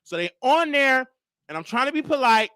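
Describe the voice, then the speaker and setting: A man's voice: very high voice, moderate pace, dry recording, clean studio sound. A man hosting a show, telling a story in casual commentary and animatedly acting out the exchanges he describes. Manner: animated, acts out quoted exchanges. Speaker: host.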